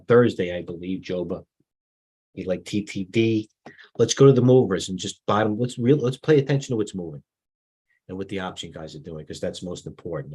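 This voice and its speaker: Rambling husky man talking markets. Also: deep voice, a little mellow, poor audio. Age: middle-aged. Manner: rambling, muttering asides, restarts. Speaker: stock market live-stream host. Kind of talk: off-the-cuff market commentary.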